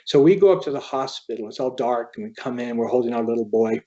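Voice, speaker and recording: An author telling a personal story as a podcast guest, in an earnest, halting way. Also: male voice, medium pitch, expressive, warm tone, muffled recording. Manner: earnest, halting, quoting others as he tells a story.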